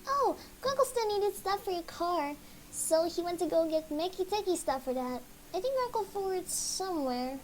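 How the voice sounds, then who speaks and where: A woman putting on a very high, bouncy little-girl voice that swoops up and down as she plays an excitable young girl from a game. She gushes and makes everything sound dramatic. A faint hiss sits under the voice. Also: normal speed, poor audio. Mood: chirpy. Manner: gushing, theatrical.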